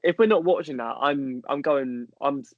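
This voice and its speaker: A male podcast co-host with a mid-range voice and moderate pace trades casual, jokey chat, often stumbling and repeating his words. The audio is dull and slightly muffled, with no echo.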